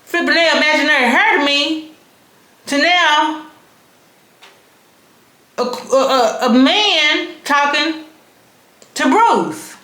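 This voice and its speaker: A woman's voice: sits high, slow, pauses often, pushed and bright. A young woman, telling a story to her vlog audience in a frank, slangy, casually profane way. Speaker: vlogger. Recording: roomy echo.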